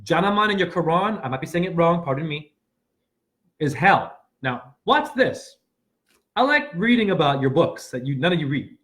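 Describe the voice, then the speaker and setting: A man, a self-styled spiritual teacher, giving a rambling livestream monologue that swings between shouting and muttering, preachy and full of loose wordplay. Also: fairly high pitch, very animated, normal speed.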